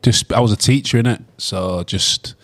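A man speaks in a deep voice, recorded dry and close. He rambles earnestly, dropping "like" and "man" as he goes. He is a guest on a casual podcast. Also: normal speed, no room sound. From Hull, England. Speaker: guest, rapper and former teacher. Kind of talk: casual interview chat.

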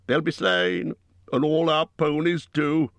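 A man's voice: on the high side, lively intonation, slow pace, fairly bright tone, dry recording, pitched above the performer's own voice, full character voice. A man voicing a group of despairing male dwarves who moan hopelessly. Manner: moaning, hopeless.

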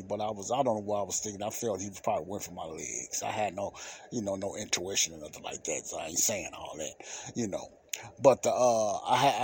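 A man's voice: medium pitch, a little mellow, husky. A middle-aged man hosting a podcast, telling a personal story in loose, casual speech and laughing often. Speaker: podcast host.

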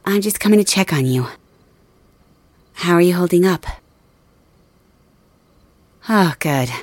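A woman voicing a protective young female friend in an ASMR role-play, talking softly and reassuringly straight to the listener. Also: on the low side, expressive, slow, no echo. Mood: caring. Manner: soft, reassuring, addresses listener directly.

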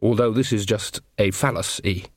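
A man's voice: fairly low pitch, normal speed, no room sound, clean studio sound, close to an everyday voice. Old witch woman, earthy and bawdy, blunt rustic talk; male narrator voices her. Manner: blunt, cheeky, rustic grammar.

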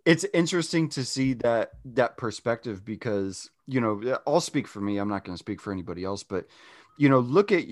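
A man's voice: medium pitch, lively intonation, normal speed, dry recording, clean studio sound. A man in his thirties hosting a podcast, talking in a rambling, casual way with frequent swearing and repeated words. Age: 30s. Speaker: podcast host.

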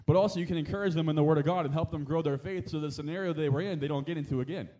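This man delivers a sermon at a rapid-fire pace in a warm, fairly high voice. Chatty and full of amens and asides, the pastor rises into emphatic exhortation.

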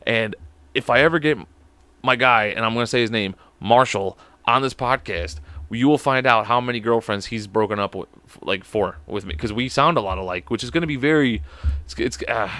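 A man's voice: mid-range voice, a little fast, bright, forceful tone, no echo. A young man with a Chicago accent telling a breakup story on a podcast, profane and rambling, laughing often. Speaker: podcast co-host. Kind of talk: casual storytelling.

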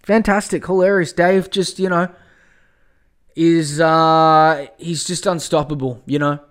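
A man hosting a casual podcast, ranting in a profane, excitable way that often turns exasperated. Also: on the high side, unhurried. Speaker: podcast host.

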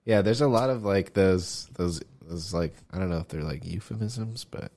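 A man's voice: low-pitched, moderate pace, darkish tone. A man in a casual podcast chat, talking hesitantly with many fillers.

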